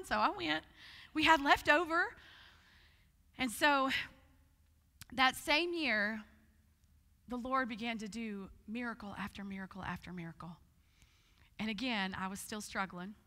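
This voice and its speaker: A woman preaching at a conference, telling her story in a lively way and acting out the voices of the people in it. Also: a little high, unhurried, pauses often. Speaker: guest speaker. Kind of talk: conference sermon with testimony. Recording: long hall reverb.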